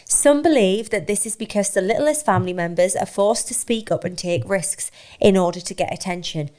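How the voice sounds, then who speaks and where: A woman, co-hosting a casual podcast with teasing, quick banter and laughter. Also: mid-range voice, darkish tone. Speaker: podcast co-host. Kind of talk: casual chat.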